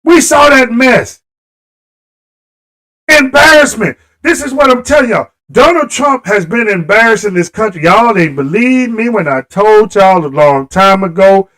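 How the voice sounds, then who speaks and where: High-voiced guy going off on a livestream, heated, talking right at the viewers, aave. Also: expressive, measured pace, a bit bright, rough recording. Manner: impassioned, talks straight to viewers. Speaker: live stream host. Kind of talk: livestream political rant.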